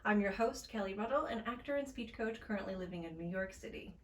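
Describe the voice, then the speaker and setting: A woman's voice: medium pitch, animated, fast. Playful woman speech coach, echoey room. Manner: chatty, playful, with stagey asides. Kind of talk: upbeat accent lesson to camera.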